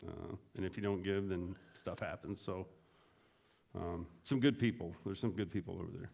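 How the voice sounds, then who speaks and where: A man's voice: sits low, moderate pace, creaky. A middle-aged man, a veteran, telling stories in a casual way, often laughing and raising his voice to act out what others said. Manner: animated, laughing, acts out quotes in a raised voice. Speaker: veteran guest. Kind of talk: casual storytelling.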